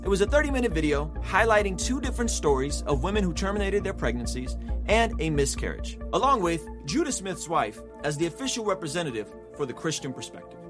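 Lively-voiced male commentator. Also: sits high, quick pace, over music. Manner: opinionated, reflective. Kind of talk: casual commentary.

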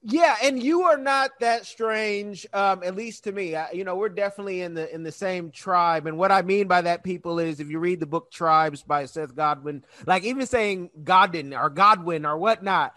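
A man with a notably high voice hosts the conversation, chatty and animated, laughing easily. His voice is recorded close and dry, with no room sound. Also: moderate pace, few pauses, no room sound. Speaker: podcast host. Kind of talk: conversational interview.

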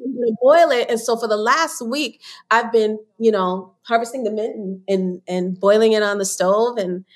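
A woman guest on a podcast, telling stories in an animated way and breaking into sudden quick bursts of talk. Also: medium pitch. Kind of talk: casual interview chat.

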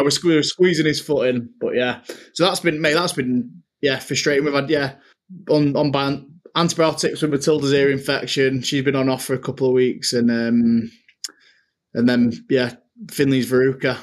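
A man's voice: medium pitch, steady tone, normal speed. A man, co-hosting a casual podcast chat and telling stories with laughs, calling his co-host mate. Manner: chatty, laughing storyteller, says "mate" a lot.

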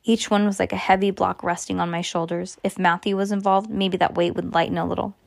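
A woman narrates a first-person story in a steady, earnest tone. Her voice sits on the low side. The recording is close and completely dry. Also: fairly quick, vocal fry, no room sound. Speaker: audiobook narrator.

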